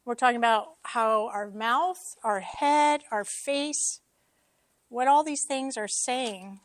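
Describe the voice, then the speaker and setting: A woman's voice: a little high, takes it slowly, no room sound. A woman giving a casual, self-deprecating teaching talk to a church congregation, with joking asides. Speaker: church speaker.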